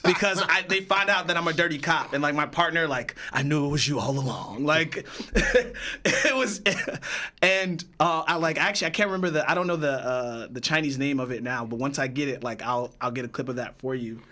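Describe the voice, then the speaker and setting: A man talks as a podcast guest, telling stories about acting jobs in a loose, animated style. His voice sits a bit high and sounds bright and forceful. He talks very fast and laughs often. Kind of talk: casual storytelling chat.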